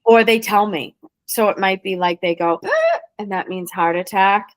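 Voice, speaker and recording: A woman, a spirit medium guest, talking casually and quickly in an interview, explaining in a lively, flowing way. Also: medium pitch, dry recording. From New England.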